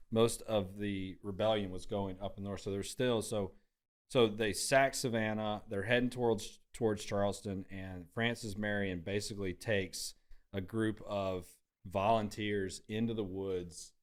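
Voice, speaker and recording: A man's voice: fairly low pitch, steady tone, moderate pace. A man talking as a podcast guest, enthusiastic and chatty as he tells long stories. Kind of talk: casual podcast chat.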